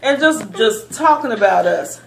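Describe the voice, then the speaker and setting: A woman recounting childhood memories in a lively storytelling manner, often laughing as she remembers. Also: fairly high pitch, unhurried, vocal fry, reverberant, slight background noise. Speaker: interviewee recalling childhood. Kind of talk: oral history storytelling.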